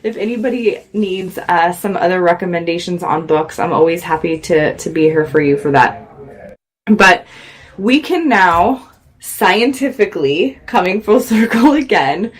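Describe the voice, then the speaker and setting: A woman's voice: lowish voice, lively intonation, a little slow. A middle-aged woman hosting a radio show, giving an earnest, reflective motivational talk to her viewers. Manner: earnest, reflective, speaks louder when worked up.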